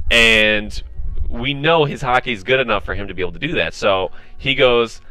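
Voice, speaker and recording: A man casually recapping a comic chapter, excited and full of fillers and restarts. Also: mid-range voice, normal speed, dry recording, soft background music, poor audio. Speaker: manga reviewer.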